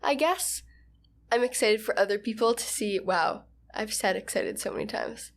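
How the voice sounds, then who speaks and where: A woman's voice: mid-range voice, moderate pace. Easygoing woman chatting on a podcast. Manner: easygoing, reflective, says "like" often. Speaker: podcast co-host. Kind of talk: casual chat.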